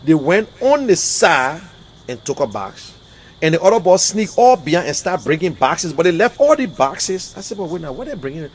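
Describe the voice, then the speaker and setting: A livestream commentator with a Liberian English accent talks politics heatedly in a slightly high, husky voice at normal speed. Very animated, he's emphatic and exasperated, repeating his points.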